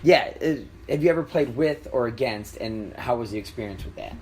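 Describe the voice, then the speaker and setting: A man's voice: mid-range voice, expressive, fairly quick, a little mellow, husky, low-quality recording. Rambling man with chuckling asides. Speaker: podcast co-host. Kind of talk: casual chat.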